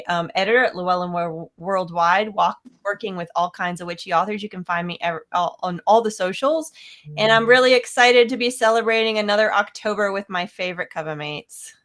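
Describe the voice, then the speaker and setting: A woman co-hosting a casual panel chat over a video call, brisk, with small slips. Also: mid-range voice, fairly bright tone. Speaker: co-host, author.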